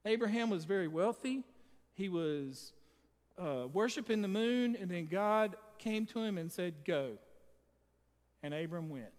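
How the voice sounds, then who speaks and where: A man's voice: sits high, lively intonation, measured pace, darkish tone, in a large hall. A man preaching a sermon, emphatic and speaking straight to his congregation. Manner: emphatic, addresses the congregation directly.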